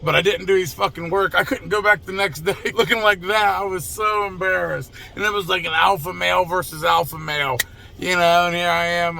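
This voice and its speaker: A young adult man who hosts a channel and works as a mobile mechanic tells a story to camera. His voice is high-pitched, creaky and sharp, and his conversational delivery is blunt and profane.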